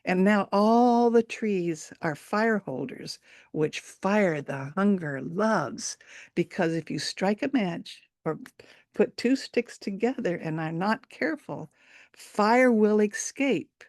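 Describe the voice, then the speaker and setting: A woman telling a folk tale over a video call, in a halting, informal way. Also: medium pitch, expressive, darkish tone, no echo, clean studio sound. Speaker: storyteller.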